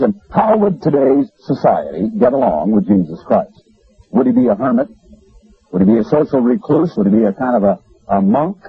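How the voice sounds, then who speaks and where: A man preaching a radio sermon in an animated, folksy and emphatic way, with a gravelly voice. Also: a little high. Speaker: radio Bible broadcaster. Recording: lo-fi radio broadcast.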